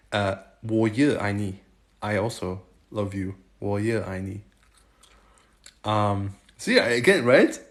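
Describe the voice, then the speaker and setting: A man from Germany hosting a casual livestream, chatting with viewers and haltingly trying out Chinese phrases. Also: on the low side. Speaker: livestream host. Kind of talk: casual live chat answering viewers.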